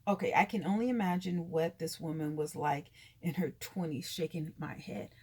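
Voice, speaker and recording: A woman in her fifties giving an indignant, animated commentary to her followers, sometimes dropping to a whisper for asides. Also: low voice, normal speed, slightly rough. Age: 50s. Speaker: vlogger. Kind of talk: casual commentary monologue.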